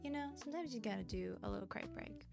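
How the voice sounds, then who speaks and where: A woman's voice: mid-range voice, lively intonation, fast, vocal fry, over music. A woman streamer chatting casually with her livestream viewers, bubbly and giggly, thanking them and rambling between topics.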